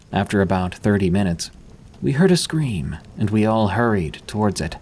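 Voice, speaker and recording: Low-voiced man narrating horror stories. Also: slightly rough. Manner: measured, even storytelling. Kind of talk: scripted horror story narration.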